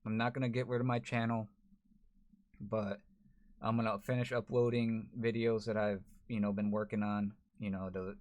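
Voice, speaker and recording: A man, a gaming YouTuber, talking to camera in a frustrated, rambling way, full of restarts. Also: on the low side. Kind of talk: emotional to-camera vlog.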